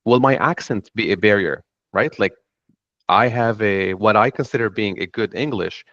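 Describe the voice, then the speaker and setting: A man's voice: on the low side, moderate pace, a bit bright, no echo. Lebanese-accented man telling his story. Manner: earnest, reflective storytelling. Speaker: panelist. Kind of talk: panel talk. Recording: dull dry sound.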